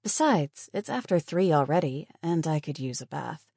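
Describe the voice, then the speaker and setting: A woman's voice: deep voice, lively intonation, normal speed, creaky, mellow, breathy edge, dry recording, full character voice. A woman voicing a dry, sardonic young survivor. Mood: wry. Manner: wry, dry-toned.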